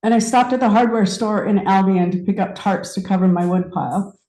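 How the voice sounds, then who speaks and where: A woman in her fifties giving a personal story sermon, conversational and reflective, with pauses and restarts. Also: mid-range voice, dark tone, reverberant, rough recording. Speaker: speaker at a spiritual center.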